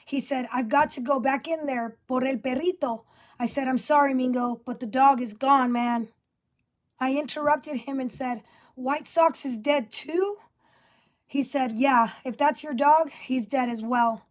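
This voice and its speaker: A woman's voice: high-pitched, unhurried. Woman reading a family story aloud. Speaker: reader of her father's story. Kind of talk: first-person story reading.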